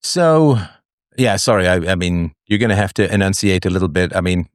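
A man from England with a lowish voice that moves a great deal in pitch. He hosts a call-in show and rambles in a casual way, full of fillers and restarts. The sound is dry and close. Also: lively intonation, fairly quick, dry recording.

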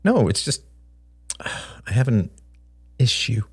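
A man voicing an anxious young adult son who stammers and talks in halting bursts. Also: fairly low pitch, big pitch swings, darkish tone, husky, no echo, pitched above the performer's own voice, heavily acted. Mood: nervous.

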